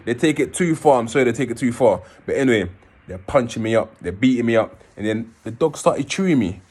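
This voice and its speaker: A man, casually telling his own story in an animated way, swearing and acting out scenes. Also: mid-range voice, brisk, faint music behind. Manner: animated, swearing, acts out scenes in raised voices.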